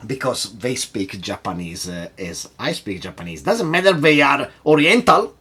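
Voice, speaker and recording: Husky, animated cocktail-show host man. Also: medium pitch, moderate pace. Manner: rambling, asks the viewer questions. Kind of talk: casual rant to camera.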